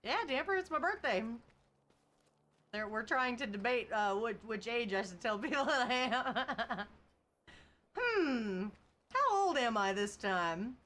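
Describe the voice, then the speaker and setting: Woman streamer, higher voice, chatty and quick to laugh, faint engine noise behind. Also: bright, forceful tone. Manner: chatty, laughs often, reads and answers chat. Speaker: live streamer. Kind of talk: casual live-stream chat. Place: outdoors on a farm, driving a tractor.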